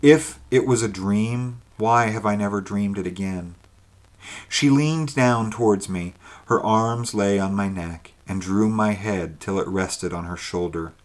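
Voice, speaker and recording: A man narrating a ghost story in a measured, wistful way. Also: on the low side. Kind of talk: scripted narration.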